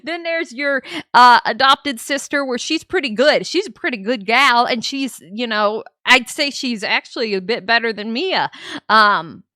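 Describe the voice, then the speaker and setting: Woman streamer rambling thru a game recap, bright voice, kinda high, dry close sound. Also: unhurried, no echo. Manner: animated, rambling, lots of fillers and asides. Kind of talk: casual game-series recap.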